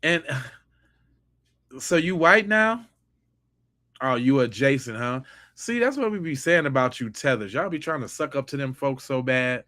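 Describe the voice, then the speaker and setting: A man's voice: medium pitch, lively intonation, measured pace, long pauses, bright, forceful tone. A man hosting a live stream, talking casually and mocking viewers' comments in a heated tone. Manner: heated, mocking, talks straight at the chat.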